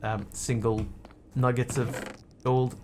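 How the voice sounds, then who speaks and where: A man's voice: mid-range voice, flat delivery, slow pace, a little mellow, soft background music. A man streaming a game, chatting playfully with viewers and cracking jokes as he plays. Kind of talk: casual gameplay commentary.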